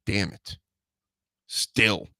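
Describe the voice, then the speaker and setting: A man hosting a solo podcast, rambling and joking with mock threats and loud mocking outbursts. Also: extremely slow, dry recording, studio quality. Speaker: podcast host. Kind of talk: casual solo wrestling podcast chat.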